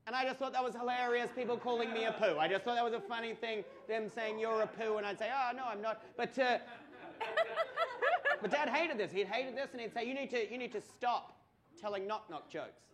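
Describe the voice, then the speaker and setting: An Australian man telling a crude, animated stand-up comedy story with swearing and mock outbursts. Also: very high voice, a little fast, crowd noise.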